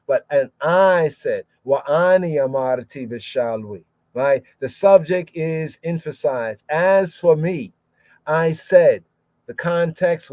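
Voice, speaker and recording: A man's voice: fairly high pitch, darkish tone, dry recording. A man teaching scripture verse by verse, sounding out each word and repeating phrases many times. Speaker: Bible teacher. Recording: dull lo-fi podcast audio.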